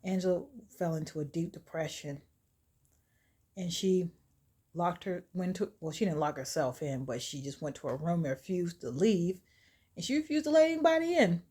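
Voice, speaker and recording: A woman's voice: low-pitched, normal speed, slightly rough. Chatty woman telling a horror story. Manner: chatty, animated, with fillers. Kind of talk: casual spoken storytelling.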